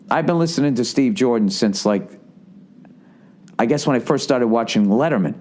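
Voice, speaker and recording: This solo podcast host, a man in his forties, has a fairly high yet darkish voice. He tells a long, profane story that pokes fun at himself, constantly restarting and adding asides.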